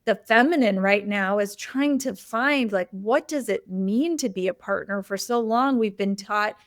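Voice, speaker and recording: A woman's voice: mid-range voice, measured pace, dry recording, clean studio sound. A woman hosting a conversation, telling a candid personal story in a loose, open way with frequent "like" and "you know" fillers. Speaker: host.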